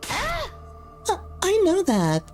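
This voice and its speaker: A man's voice: very high-pitched, wildly swooping pitch, extremely slow, soft background music, voice pushed up, full character voice. A man voicing an anxious, guilt-ridden young woman prisoner who stammers and sounds close to tears, reading game dialogue aloud. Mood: defiant. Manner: tearful, hesitant, stammering.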